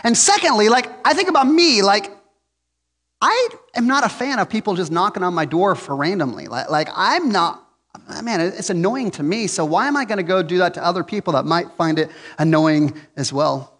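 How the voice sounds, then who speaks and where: A man's voice: sits high, lively intonation, moderate pace, fairly bright tone, big-room sound. A man in his forties preaching a conversational sermon, earnest with jokes and frequent restarts.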